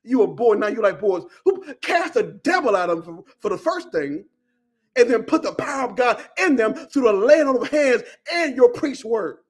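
A man preaches a fiery sermon in a strikingly high, husky voice. He is impassioned, shouts at times and breaks into tongues. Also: big pitch swings, normal speed.

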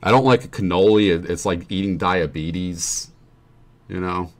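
A man's voice: deep voice, fairly even intonation, moderate pace. A young man streaming while he plays a game, chatting in a rambling, profane and sarcastic way. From New Jersey family. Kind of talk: casual chat while gaming.

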